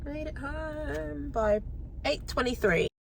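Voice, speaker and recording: Young woman vlogging, loud background noise. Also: sits high, slow pace, gravelly. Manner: chatty, self-narrating errands. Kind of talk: casual vlog chat. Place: in a car and at home.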